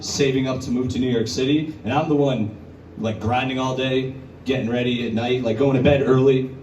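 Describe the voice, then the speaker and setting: A male stand-up comedian doing a crude, conversational set at a brewery show, jumping into high, put-on voices to act out scenes. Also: darkish tone, slight background noise. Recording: roomy bar recording from a distance. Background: audience laughter and bar ambience.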